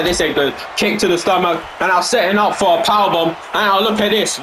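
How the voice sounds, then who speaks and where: A man giving excited play-by-play wrestling commentary, repeating phrases and exclamations as the action unfolds. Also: high voice, fairly quick, few pauses, echoey room, background noise. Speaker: fan commentator.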